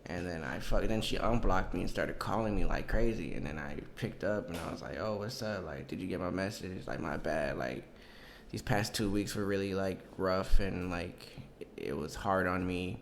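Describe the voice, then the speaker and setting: A man's voice: deep voice, moderate pace, gravelly, a little hiss or hum. A man telling a casual story as a podcast guest, in a profane, laid-back way with lots of fillers.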